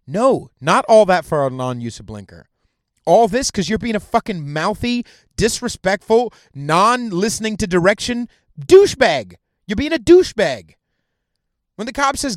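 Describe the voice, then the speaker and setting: A man's voice: high-pitched, expressive, normal speed, no echo, clean studio sound. A man hosting a podcast, delivering a heated, profane solo rant that mocks its targets and stumbles over restarts. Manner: stammers and restarts mid-sentence. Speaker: podcast host.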